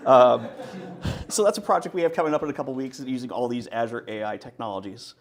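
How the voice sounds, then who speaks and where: A man presenting at a tech conference in a playful, animated way. His voice sits at an ordinary middle pitch and is picked up by a presenter's microphone. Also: fairly quick. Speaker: conference speaker. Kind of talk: conference talk.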